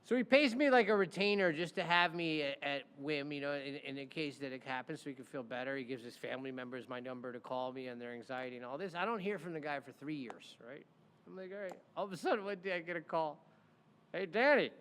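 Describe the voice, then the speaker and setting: A man hosting a casual chat, telling stories in an animated way. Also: on the high side, fast, in a large hall, a little hiss or hum. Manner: animated, acts out quoted voices. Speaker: podcast host, defense lawyer.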